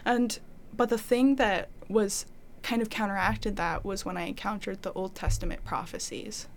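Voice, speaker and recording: A woman's voice: medium pitch, fairly even intonation, moderate pace. A young woman telling her faith story in a casual, rambling way, full of "like" fillers, often acting out her past thoughts. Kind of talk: casual testimony conversation.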